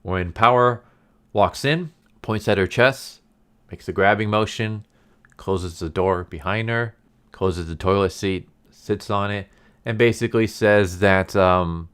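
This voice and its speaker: Low smooth-voiced guy rambling thru an anime recap, says like a ton, chatty and amused. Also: measured pace. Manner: chatty and rambling, heavy use of "like"; animated, easily amused. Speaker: anime reviewer. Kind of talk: casual episode recap and review.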